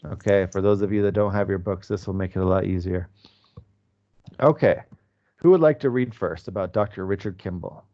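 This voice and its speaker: A man's voice: low-pitched, brisk, dark tone, lo-fi sound. A man in his forties teaching an online English class, patient and explanatory with many fillers. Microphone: video call.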